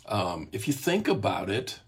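A man teaching from the Bible in an earnest sermon style, his voice deeply husky and rough. He sounds like he has his morning voice and stops to cough now and then, circling back to repeat and restart his phrases. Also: sing-song, measured pace.

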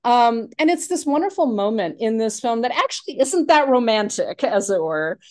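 A woman's voice: fairly high pitch, moderate pace. Chatty woman talking films. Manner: animated, many restarts and fillers. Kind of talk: casual film discussion.

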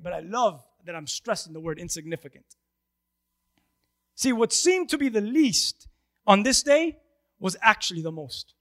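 A pastor preaching to his congregation, swinging between loud emphatic lines and hushed passages. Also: very high voice. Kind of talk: sermon.

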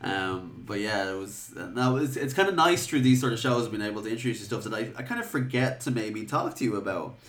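A man's voice: fairly low pitch, expressive, brisk, hardly any pauses, fairly bright tone. An Irish man co-hosting a podcast, chatting casually in a sweary, rambling, self-mocking way. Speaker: podcast co-host. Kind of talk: casual chat.

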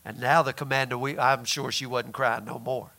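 A man preaching a sermon who asks the listeners questions and answers them himself, drawling some phrases slowly for emphasis. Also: mid-range voice, fairly even intonation, gravelly, pushed and bright.

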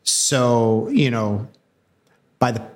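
A man's voice: medium pitch, extremely slow. Man talking casually with restarts. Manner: acts out quoted dialogue, many restarts. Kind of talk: casual conversational discussion.

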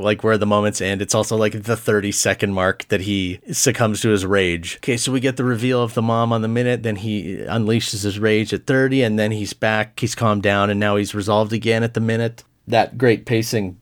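A man co-hosting a podcast, analyzing a film in long, enthusiastic, detailed points. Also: fairly low pitch. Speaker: podcast co-host.

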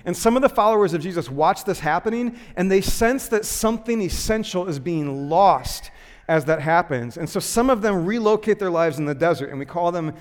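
A man giving a sermon, telling a self-deprecating personal story in a lively way with lots of filler words before turning to teaching. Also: high-pitched, a little fast, big-room sound. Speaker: pastor.

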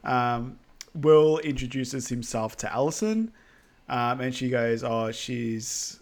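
A man's voice: mid-range voice, lively intonation, slow. A man co-hosting a podcast, casually recapping a film with many ums and quoted lines. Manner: rambling, lots of ums and likes, quotes characters. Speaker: podcast co-host.

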